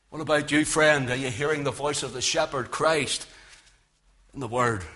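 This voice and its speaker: A man preaching a sermon in a church, with a loud, carrying voice that swings from emphatic peaks to low, hushed lines. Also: moderate pace. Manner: impassioned, rising to loud emphatic peaks then dropping low. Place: church with speakers.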